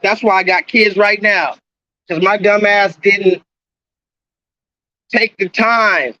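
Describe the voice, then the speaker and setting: A man with a high, bright voice rants into his phone on a live stream, circling back over the same points in an agitated way. The sound is dry and close, with a dull, lo-fi phone quality. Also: no echo. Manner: agitated, repetitive ranting, swears often. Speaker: livestreamer. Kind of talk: ranting live stream monologue. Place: outdoors near a coffee shop. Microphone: phone held at arm's length.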